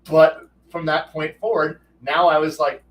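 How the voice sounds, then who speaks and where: Casual male streamer, high voice, rambling storyteller, mic a bit distant. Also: measured pace, a little hiss or hum. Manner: rambling, frequent restarts, animated quoted dialogue. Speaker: streamer host.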